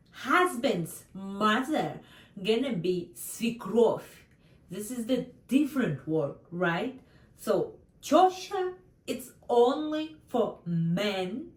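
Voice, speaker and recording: A woman with a Russian accent teaching a language lesson, slowly repeating example words and checking in with her students. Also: mid-range voice, distant mic. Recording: roomy echo, a bit off mic.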